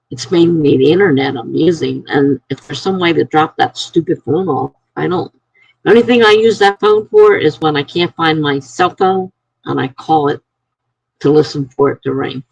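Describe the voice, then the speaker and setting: A woman chatting casually with her live-stream viewers from home, her voice gravelly and a little husky. She rambles through her stories in an animated, conversational way. The sound is dry and close. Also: sits low, no room sound, dull audio.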